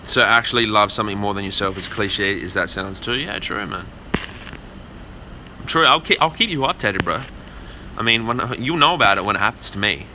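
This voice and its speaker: A man's voice: on the low side, moderate pace. A young man vlogging in casual, rambling talk, swearing freely and calling the listener "man" and "bro". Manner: rambling, profane storytelling with lots of "man" and "bro". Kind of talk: casual vlog chat. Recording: faint background noise.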